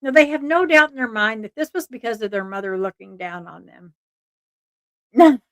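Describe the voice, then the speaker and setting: A woman's voice: a little high, expressive, normal speed, a bit bright, dry recording. A woman hosting a true crime livestream, telling a case in a casual, earnest way and turning often to talk to her chat. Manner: chatty, earnest, asides to chat, frequent restarts. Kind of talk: casual live-stream narration.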